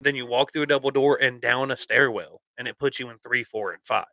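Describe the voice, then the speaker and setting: A man's voice: medium pitch, brisk, gravelly, pushed and bright, dry recording. A man on a podcast, telling a crude work story in a laid-back, casual way.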